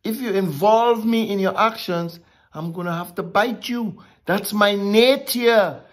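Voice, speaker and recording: Slow, emphatic woman preaching. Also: mid-range voice. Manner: emphatic, drawn-out preaching with dramatic pauses. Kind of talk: sermon.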